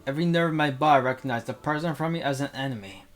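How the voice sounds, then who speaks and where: A man's voice: medium pitch, very fast, faint music behind. A young man reading a visual novel aloud into a desk microphone, breaking off for rambling casual asides.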